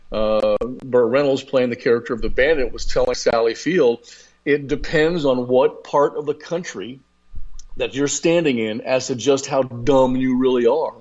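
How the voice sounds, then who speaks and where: A man's voice: mid-range voice, darkish tone, lo-fi sound. A man hosting a talk radio show, telling folksy stories and rambling into political commentary with many fillers. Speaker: radio host.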